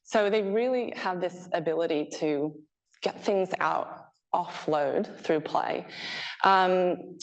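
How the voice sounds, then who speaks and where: Lively, slightly low-voiced woman presenting. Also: slow pace, lo-fi sound. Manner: chatty and animated, laughing often, acting out quotes. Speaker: PhD researcher presenting her work. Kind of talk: conference presentation. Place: presentation room with a live audience.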